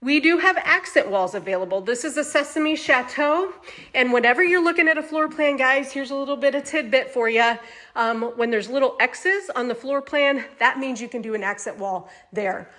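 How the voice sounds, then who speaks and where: Walking through a home indoors, a woman who hosts manufactured home sales chats enthusiastically in a Midwestern American accent, often repeating herself. Her voice is high-pitched and a bit bright, at a moderate pace.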